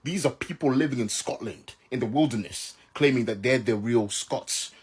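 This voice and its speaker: A man's voice: mid-range voice, normal speed, slightly rough. A man from Southern Africa giving casual reaction commentary, exasperated and incredulous, often laughing in disbelief.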